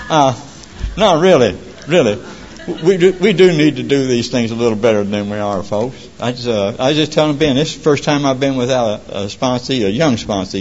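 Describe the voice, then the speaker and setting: A man's voice: fairly low pitch, darkish tone, a little hiss or hum. Older man, folksy joking storyteller at a recovery meeting, heard in a dull, echoey hall recording.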